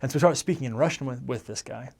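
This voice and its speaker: A man's voice: mid-range voice, racing, creaky, slightly rough. A man in his forties, a former missionary, telling his life story in a rambling, conversational way, often correcting himself as he goes. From United States. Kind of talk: casual personal storytelling.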